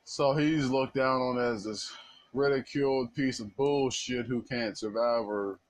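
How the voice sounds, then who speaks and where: A man's voice: medium pitch, steady tone, unhurried, poor audio. A man giving an impassioned, blunt monologue in casual speech with slang.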